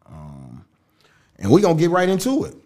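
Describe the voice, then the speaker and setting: Slangy, animated man hosting a podcast. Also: fairly high pitch, moderate pace. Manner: slangy, animated, talks over co-host. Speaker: podcast host. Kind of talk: casual podcast chat. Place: home studio.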